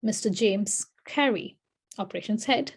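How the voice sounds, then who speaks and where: A woman's voice: mid-range voice, normal speed, slightly rough. A woman narrating a scripted grammar lesson as a teacher, reading example sentences aloud with lifted, emphatic delivery.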